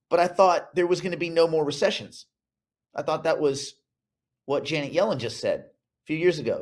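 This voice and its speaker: A man hosting a finance livestream, talking in a sarcastic, animated way and repeating himself for effect. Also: on the high side, moderate pace. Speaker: host. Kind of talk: livestream commentary.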